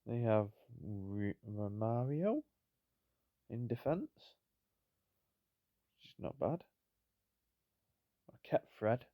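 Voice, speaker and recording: A man's voice: lowish voice, very animated, extremely slow, long pauses, no echo, lo-fi sound. A tired man giving rambling, self-deprecating commentary on a football management game. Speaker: gaming YouTuber. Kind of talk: casual gameplay commentary.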